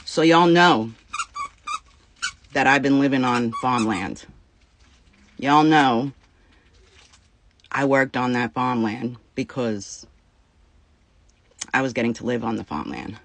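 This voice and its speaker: A woman's voice: extremely low pitch, takes it slowly, long pauses, a little hiss or hum. A woman venting to her viewers about a personal dispute, upset and near tears, swearing freely and talking in bursts. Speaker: vlogger. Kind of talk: casual venting to camera.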